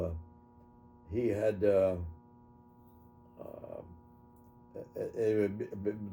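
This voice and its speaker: A man in his seventies, an army veteran, recounting his memories in an oral history interview, halting and correcting himself as he goes. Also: low-pitched, dark tone. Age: 70s. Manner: halting, self-correcting storytelling.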